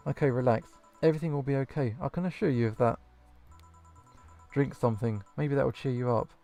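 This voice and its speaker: Man voicing a steady, encouraging bar boss woman from a game, mellow voice. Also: mid-range voice, brisk, vocal fry, lightly acted. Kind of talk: reading game dialogue aloud. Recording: faint game music behind.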